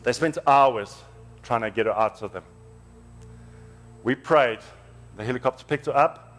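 Earnest preacher telling stories. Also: male voice, medium pitch, measured pace, a bit bright, faint music behind. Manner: emotional, earnest, conversational. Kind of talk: storytelling sermon. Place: church.

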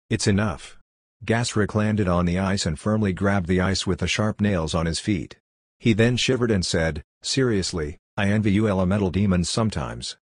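A man narrating a fantasy audiobook in an even, steady reading voice. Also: deep voice, no echo, clean studio sound. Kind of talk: scripted narration.

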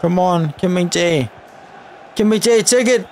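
A young man giving live commentary over a football video game, shouting at the referee in frustrated outbursts. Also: high voice, a little slow, a little hiss or hum. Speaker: gaming YouTuber.

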